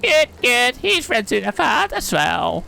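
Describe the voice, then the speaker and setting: A man voicing a formal, shrill, insect-like beastman with a high squeaky voice while reading a game's dialogue aloud. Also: wildly swooping pitch, measured pace, gravelly, pushed and bright, heavily acted. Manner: stilted formal speech. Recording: game music playing behind.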